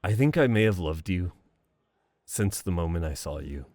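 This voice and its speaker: Lively low-voiced man reminiscing fondly. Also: moderate pace, no room sound. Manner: fond, reminiscing, laughs often, casual swearing. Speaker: boyfriend in an audio role-play. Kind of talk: romantic voicemail role-play.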